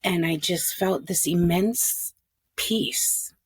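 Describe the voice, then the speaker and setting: Gravelly low-voiced middle-aged woman. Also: fairly even intonation, measured pace, dry recording, clean studio sound. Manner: earnest, heartfelt, confessional. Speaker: podcast guest. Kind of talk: emotional personal storytelling.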